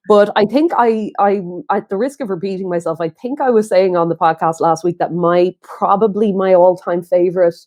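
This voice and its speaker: Chatty Irish woman, lowish voice. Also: darkish tone. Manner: chatty, with frequent "like" and "um" fillers. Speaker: podcast guest, brow artist. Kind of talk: casual chat.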